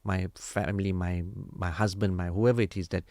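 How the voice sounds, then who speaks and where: A man hosting a radio marriage counselling talk, animated and preachy, acting out quoted family dialogue. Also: sits low, normal speed, no room sound. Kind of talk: casual radio advice talk.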